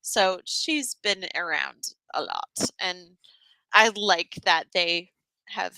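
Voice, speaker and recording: A woman co-hosting a podcast in casual chat, playful and quick to laugh, with jokey mock outrage. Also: lively intonation, gravelly, bright, forceful tone, no room sound, low-quality recording. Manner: playful, laughing reactions, jumps to high pitch when outraged in jest. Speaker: podcast co-host.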